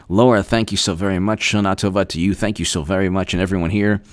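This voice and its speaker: A man's voice: low voice, fairly even intonation, quick pace, few pauses, no room sound, studio quality. A man hosting a political livestream, thanking chat members and mocking his opponents in a sarcastic, theatrical way. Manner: sarcastic, mocking, shifts into loud shouted shout-outs. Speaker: political commentator reading live chat. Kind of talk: livestream commentary.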